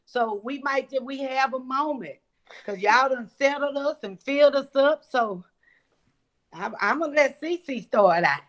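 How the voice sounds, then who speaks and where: A woman, a mother on a church panel who speaks about her daughters in a warm, affirming way. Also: sits high, unhurried. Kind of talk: heartfelt church panel talk.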